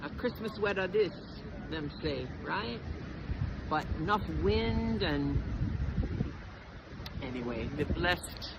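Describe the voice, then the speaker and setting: A woman's voice: lowish voice, lively intonation, slow, long pauses. A woman with a Canadian accent, speaking learned Jamaican Patois, chatting playfully in a casual vlog at a beach. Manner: playful, mixing Patois with laughs. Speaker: vlogger at the beach. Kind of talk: casual chat. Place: outdoors at a beach. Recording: clear street and vehicle noise behind. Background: traffic and outdoor ambience.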